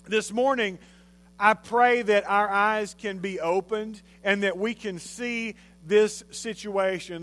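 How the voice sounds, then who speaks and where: A male pastor giving a sermon, telling a story in an animated, conversational way. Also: high-pitched.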